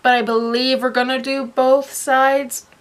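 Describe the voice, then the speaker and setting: A woman's voice: sits high, flat delivery, measured pace. A young woman chatting casually in a home vlog, rambling and laughing now and then as she talks to a handheld camera. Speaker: vlogger.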